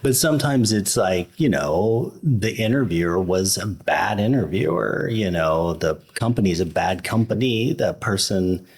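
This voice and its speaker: A man's voice: lowish voice, lively intonation, measured pace, few pauses. A man, a therapist guesting on a podcast, speaking in a thoughtful, reassuring way. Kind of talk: casual podcast conversation.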